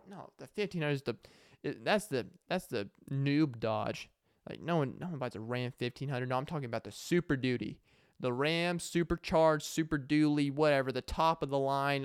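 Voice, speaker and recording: A young man hosts his own podcast alone, rambling from jokes to heartfelt memories and tripping over his own restarts. His voice is smooth and clean. The sound is dry and close, with no room around it. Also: medium pitch, dry recording. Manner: rambling, joking, emotional, with many restarts and fillers. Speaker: podcast host. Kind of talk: casual solo podcast monologue.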